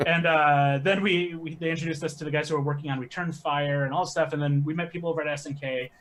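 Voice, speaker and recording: A man, a podcast guest telling animated stories with quick asides. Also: a little high, slight background noise. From American Midwest. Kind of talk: casual podcast chat.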